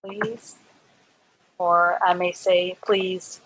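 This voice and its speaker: Slow, patient woman teaching reading. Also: lowish voice, little pitch movement, fairly bright tone, slight background noise. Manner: slow, patient, spells words out letter by letter. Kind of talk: live online literacy lesson.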